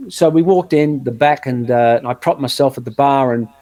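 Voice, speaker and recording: A man chatting as a guest guitarist in an interview, telling a long anecdote in a relaxed, rambling way. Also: medium pitch, normal speed. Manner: chatty anecdotal storyteller, frequent restarts. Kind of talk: casual storytelling interview.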